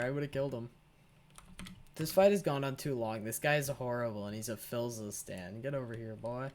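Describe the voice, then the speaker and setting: A man's voice: mid-range voice, moderate pace. A teenage boy giving casual, profane, rambling commentary over his own gameplay, full of sarcastic asides. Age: teens. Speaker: gaming channel host.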